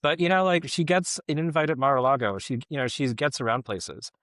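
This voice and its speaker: A man's voice: medium pitch, a little fast, fairly bright tone, no room sound, clean studio sound. A middle-aged man giving casual podcast commentary, rambling and filling his talk with "like, you know".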